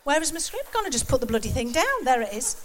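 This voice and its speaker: Very high-pitched woman hosting live. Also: sing-song, fast, fairly bright tone. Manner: bubbly, bossy, chatty organiser. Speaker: show host. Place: live venue in front of an audience.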